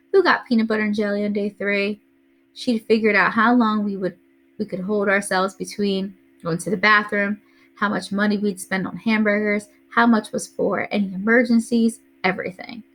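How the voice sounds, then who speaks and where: Woman reading a novel aloud. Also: medium pitch. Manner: steady first-person storytelling.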